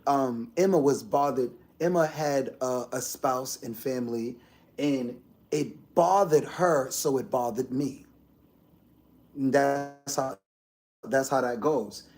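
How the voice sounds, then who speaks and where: A man hosting a casual livestream, rambling to his viewers and swinging from low mumbles to loud outbursts. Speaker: livestream host.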